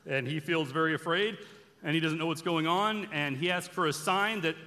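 Bright-voiced man preaching in a reverberant hall. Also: a little high, normal speed. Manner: animated storytelling, acting out the characters' quoted lines. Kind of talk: sermon-style bible teaching. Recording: long reverb from a large hall.

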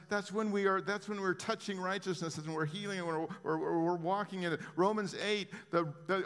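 A man preaching an impassioned sermon as pastor, dropping to a hush and then rising again, often restarting his phrases. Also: sits high, in a large hall. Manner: impassioned, swinging between hushed and raised, frequent restarts.

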